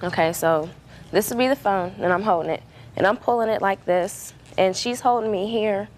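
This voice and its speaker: A woman's voice: mid-range voice, moderate pace, rough recording. A young woman testifying as a defendant in court, telling her story in a rambling way with many fillers.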